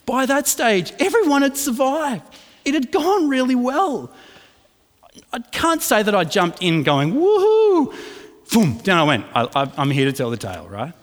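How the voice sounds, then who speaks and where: Middle-aged preacher in a hall. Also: male voice, extremely high pitch, very animated, normal speed, fairly bright tone. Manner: chatty, self-deprecating storytelling that turns earnest. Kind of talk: sermon with personal anecdote. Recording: long reverb in a hall.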